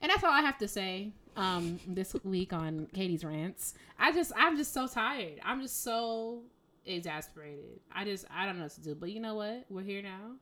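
A woman's voice: medium pitch, moderate pace, bright, forceful tone, slight background noise. Exasperated woman ranting on a podcast. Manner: exasperated, emphatic, conversational slang. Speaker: podcast co-host. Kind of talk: casual podcast rant.

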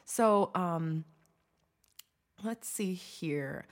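A woman's voice: lowish voice, drawn-out words. A young woman hosting her own podcast, chatting casually and self-deprecatingly with lots of fillers and restarts. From United States. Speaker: podcast host. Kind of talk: casual solo podcast chat.

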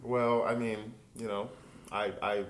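A man's voice: on the low side, little pitch movement, slow pace, a little hiss or hum. A man co-hosting an improvised comedy call-in, hesitant and stammering, often trailing off. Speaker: co-host.

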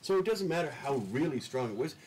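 A man's voice: a little high, lively intonation, fast talker, a little mellow, slight background noise, poor audio. A man talking as a studio guest in casual talk-show chat, enthusiastic and rambling, repeating words as he restarts his sentences.

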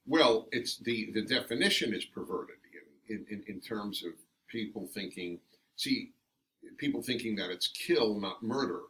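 A radio host telling stories emphatically as the guest in an interview, recorded from a distance. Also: male voice, lowish voice, a little slow. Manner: emphatic, animated storyteller. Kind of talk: interview storytelling.

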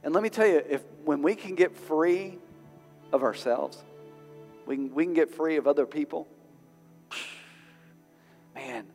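A man preaching a sermon as pastor, emotional and building to loud, rising exhortation, with a Southern US accent. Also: on the high side, a little slow, long pauses, faint music behind. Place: large venue with long reverb. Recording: reverberant hall recording.

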